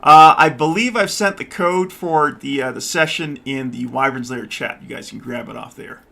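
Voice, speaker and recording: A man hosting a co-op game stream, talking loudly and cheerfully with his players. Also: medium pitch, moderate pace, vocal fry. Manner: loud and lively, says so himself. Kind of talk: casual live-stream chat.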